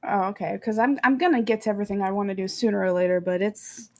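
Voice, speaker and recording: Gravelly, chatty woman voice actor from Texas. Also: medium pitch. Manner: chatty, laughs often, quick bursts. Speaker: voice actor and podcast guest. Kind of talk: casual podcast chat.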